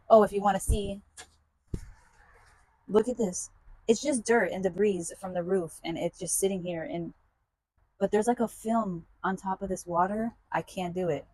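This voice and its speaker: A woman's voice: medium pitch, fairly even intonation, a little slow, long pauses, darkish tone, slight background noise, rough recording. A young woman vlogging outdoors by a rain barrel, talking dramatically and exasperatedly to herself and the camera. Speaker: plant vlogger. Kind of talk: casual vlog talk to camera.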